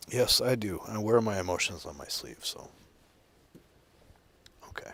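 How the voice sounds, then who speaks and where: A man hosting a live online news show, switching between a loud, punchy scripted read and quiet, muttered asides to his crew. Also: on the low side, expressive, moderate pace, vocal fry, long pauses, a little hiss or hum.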